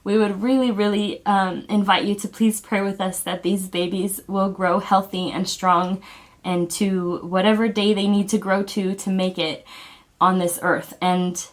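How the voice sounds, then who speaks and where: A woman talks straight to camera in an earnest, heartfelt way, pausing and restarting as she searches for words. Her pitch sits in a middle range, and she speaks as a family vlogger sharing personal news. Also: flat delivery. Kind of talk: personal video announcement.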